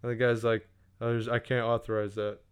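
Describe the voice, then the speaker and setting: A man's voice: medium pitch, flat delivery, brisk, clean tone. A young man casually telling a profane story on a podcast, acting out what everyone said.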